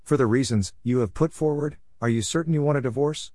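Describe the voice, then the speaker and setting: A man's voice: medium pitch, brisk, warm tone, dry recording, clean studio sound, voice pushed up, lightly acted. A man doing a formal local court judge.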